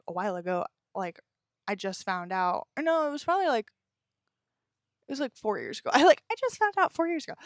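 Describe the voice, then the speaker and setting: A young woman hosting a podcast tells her own story candidly and ramblingly, swearing freely, while rain falls outside. Her voice is medium-pitched, and the recording is dry and of studio quality.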